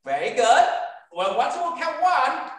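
Kung fu teacher guy, high lively voice, short commands n counting, sounds far off in a big echoey room. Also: a little slow. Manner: short drill commands, counts reps aloud. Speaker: martial arts instructor. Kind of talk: online kids' kung fu class instruction.

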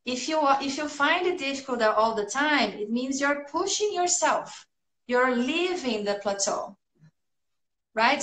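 Woman, English teacher on a live stream, high bright voice, roomy echo, coaxing and repetitive. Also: expressive, unhurried. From Brazil. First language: Portuguese. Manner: encouraging, repeats key points, loose with fillers. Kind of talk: livestream English lesson. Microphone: phone livestream.

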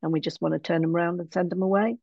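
A woman's voice: fairly low pitch, steady tone, racing, gravelly, darkish tone, no echo. A woman, a guest in an interview, thinking aloud in a frank, easygoing way. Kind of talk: casual conversational interview. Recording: dry, slightly dull lo-fi sound.

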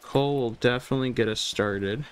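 A man's voice: medium pitch, moderate pace, slight background noise. A young man commentating his own gameplay, talking to himself, repeating phrases and reacting jumpily. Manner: talks to himself, repeats phrases, jumpy and exclaiming. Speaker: gaming video host.

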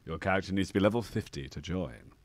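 A man's voice: deep voice, animated, fast talker, dry recording. A man hosting a game live stream in a mock-imperial, grandiose manner, breaking into casual laughing asides. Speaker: stream host.

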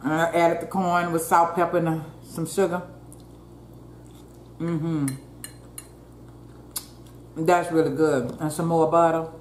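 A woman with a low, flat voice speaks slowly, leaving long pauses, as she hosts a mukbang and chats folksily with viewers, murmuring "mm" between bites. Roomy echo, faint ambience, and a little hiss or hum sit in the recording.

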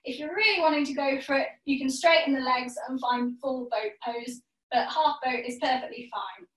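High-voiced woman guiding a yoga class. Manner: encouraging, calls out poses in quick rounds. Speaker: yoga instructor. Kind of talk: guided yoga class instruction. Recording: echoey room, voice from a distance.

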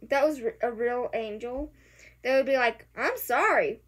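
A young woman giving casual, sarcastic commentary on a clip, hyper and excitable, slipping into mocking impressions. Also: a little high, moderate pace. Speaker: reaction video creator.

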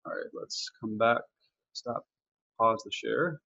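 Male violin teacher on a webinar, relaxed explainer, mid-pitched voice, lo-fi audio. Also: takes it slowly, creaky, slightly rough. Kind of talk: live online music lesson.

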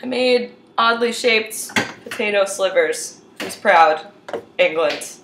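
A woman's voice: medium pitch, roomy sound, background noise. A young American woman joking sarcastically with friends while cooking in a home kitchen. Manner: sarcastic, playful, quick to joke. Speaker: home cook among friends.

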